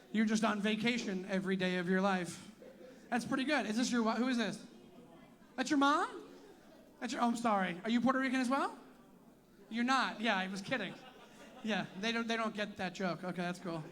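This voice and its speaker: Brash, high-voiced stand-up comedian. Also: male voice, fairly bright tone. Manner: brash, profane, teasing the crowd. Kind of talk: stand-up crowd work. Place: tent venue with a live audience.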